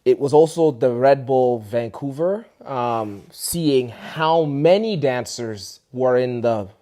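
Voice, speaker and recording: In a relaxed interview, a Canadian dance teacher slowly tells a story in casual speech packed with "you know" and "like." His voice normally stays at a middle pitch but jumps high and loud when he animatedly acts out someone he's quoting.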